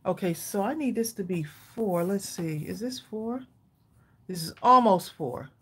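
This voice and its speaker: A woman's voice: medium pitch, unhurried, a bit bright, breathy edge. A woman hosting a live crafting tutorial, chatty and laughing as she talks straight to her viewers. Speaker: craft livestream host.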